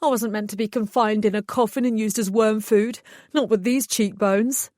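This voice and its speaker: A woman's voice: steady tone, normal speed, a little mellow, dry recording, clean studio sound, natural voice. A woman voicing a vain, panicky young male fairy who wails melodramatically. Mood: mournful. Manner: shrill melodramatic wailing.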